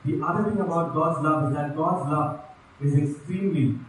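A man with a fairly high voice preaches an earnest sermon, reading scripture and lifting his pitch on repeated invitations. He sounds far from the mic in a very echoey room, with a faint hum of ambience behind him. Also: normal speed.

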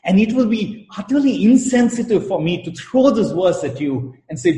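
A man's voice: high-pitched, big pitch swings, dark tone. Earnest male pastor in an echoey room. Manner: earnest, measured, with repeated words and pauses. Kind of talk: sermon. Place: church in India during lockdown.

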